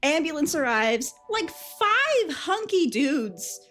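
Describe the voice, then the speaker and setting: A young woman casually telling a story as a streamer, animated and profane, often laughing as she talks. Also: high voice, slow.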